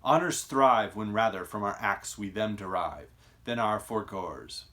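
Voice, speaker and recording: A man reading the part of a stern older king who lectures a young lord on virtue and honor, reciting measured verse. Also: on the low side, fairly bright tone. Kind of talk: dramatic reading of a play.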